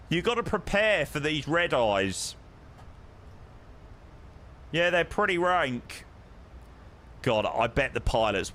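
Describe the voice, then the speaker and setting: A man's voice: mid-range voice, a bit bright, slight background noise. A young man casually chatting with his live-stream viewers while flying a sim, matey and greeting people by name.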